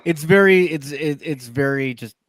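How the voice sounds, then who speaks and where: A man's voice: a little high, normal speed, dry recording. Guy cohosting a podcast, easygoing jokey chat, dry close sound. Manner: chatty, jokey, agreeable. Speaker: podcast co-host. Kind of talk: casual chat.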